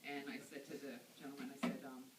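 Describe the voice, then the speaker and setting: A woman's voice: a bass voice, little pitch movement, fairly quick, crowd noise. Woman giving a eulogy in an echoey hall. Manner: anecdotal storytelling, conversational. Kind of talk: funeral eulogy. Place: funeral service hall. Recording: echoey room, far from mic, noisy.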